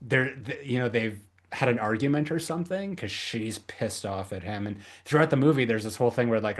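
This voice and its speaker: A man hosting a podcast, talking casually about a horror film, with many pauses and restarts. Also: medium pitch. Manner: halting, many fillers and restarts. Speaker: podcast host.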